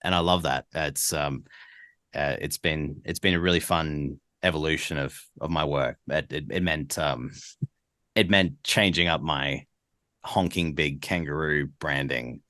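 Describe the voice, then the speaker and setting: A man from Australia with a strikingly deep, low voice, talking as a guest in a casual podcast interview. He is relaxed, laughs easily and trips over and restarts words while he gathers his thoughts. The sound is dry and close, with no room echo. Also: measured pace. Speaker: guest voice actor.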